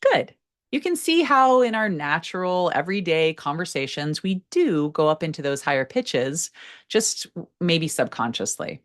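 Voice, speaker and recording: A woman with a low-pitched voice teaches public speaking, talking straight to her viewers. Her delivery swings widely in pitch, leaning hard on the key words of each sentence. She sounds like a coach walking a learner through a lesson. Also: animated, moderate pace. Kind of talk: instructional talk to camera.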